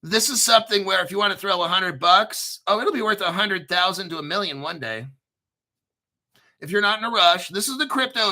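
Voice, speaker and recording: A man's voice: sits high, pushed and bright. A man hosting a casual crypto livestream, rambling and joking with lots of profanity. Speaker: crypto YouTube host.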